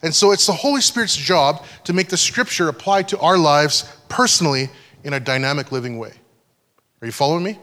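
A pastor giving a conversational sermon, often checking that the congregation is following. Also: male voice, a little high, a little fast, fairly bright tone. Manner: conversational teaching, frequent check-ins with listeners. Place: church hall. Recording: long hall reverb.

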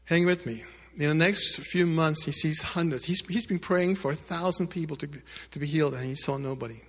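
Pastor preaching in a reverberant hall. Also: male voice, fairly high pitch, a little fast. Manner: swings between loud emphatic lines and quiet hushed ones; speaks directly to the congregation with asides. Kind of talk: sermon storytelling.

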